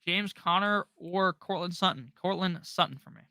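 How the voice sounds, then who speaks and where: Bright-voiced young man rapid-firing answers. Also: sits high, no echo. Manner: fast, profane, joking, reads viewer questions aloud. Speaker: fantasy football livestream host. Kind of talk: rapid-fire live Q&A.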